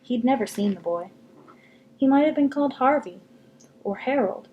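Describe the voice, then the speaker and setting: A woman reading a novel aloud on a video, telling it expressively with dramatic pauses. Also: sits high, expressive, dull audio, a little hiss or hum.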